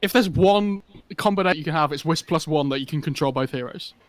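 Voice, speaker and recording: A slightly high-pitched man casts an esports match live, chatting casually and rambling with plenty of fillers. His voice sits close and dry on a headset mic. He sounds relaxed, like he's hanging out with a co-caster. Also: quick pace, no room sound. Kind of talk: casual live commentary chat.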